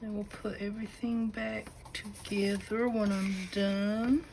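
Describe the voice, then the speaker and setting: A woman with a Southern US accent showing a crafted notebook to her camera at home, gushing with admiration and slipping into breathy asides. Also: mid-range voice, little pitch movement, a little slow, a little mellow, a little hiss or hum, rough recording. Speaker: craft channel host. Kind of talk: casual unboxing show-and-tell.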